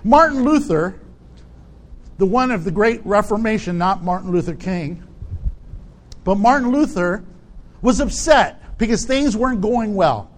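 A man's voice: high-pitched, lively intonation, measured pace, long pauses. A male pastor preaching a conversational sermon and asking his listeners rhetorical questions.

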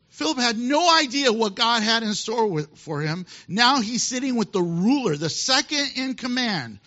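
A male pastor preaching a sermon, telling a Bible story with animated asides and laughter. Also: sits high. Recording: dull lo-fi sound.

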